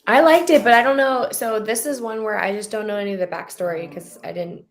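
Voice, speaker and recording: A woman's voice: medium pitch, fairly quick. A woman co-hosting a casual movie review chat, enthusiastic and gushing, laughing often. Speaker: podcast co-host.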